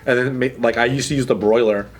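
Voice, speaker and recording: A man's voice: mid-range voice, steady tone, fast, soft background music. Fired-up man ranting with profanity. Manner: heated, profane storytelling. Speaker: podcast co-host. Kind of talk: casual group banter.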